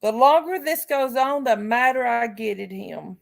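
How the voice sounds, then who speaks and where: A woman's voice: fairly high pitch, lively intonation, a little slow, vocal fry. A woman hosting a live stream, speaking casually and outspokenly to her chat viewers with heartfelt remarks. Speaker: livestream host.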